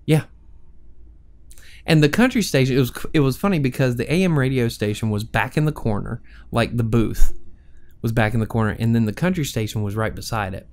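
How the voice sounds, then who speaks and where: A man in his forties telling relaxed stories on a podcast. His voice sits in the middle range. He laughs easily as he talks. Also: medium pitch, fairly quick. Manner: chatty storyteller who laughs often. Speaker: podcast co-host. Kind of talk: casual chat.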